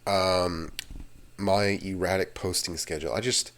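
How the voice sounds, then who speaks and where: Deep-voiced man rambling casually. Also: steady tone, a little slow, a bit bright. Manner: meandering, drifts between tangents. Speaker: channel host. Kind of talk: casual rambling rant to camera.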